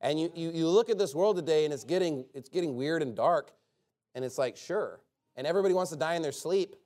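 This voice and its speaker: A man's voice: a little high, fast talker, a little mellow. Sarcastic preacher man with a raised voice. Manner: sarcastic, rambling, with joking asides. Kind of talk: informal sermon.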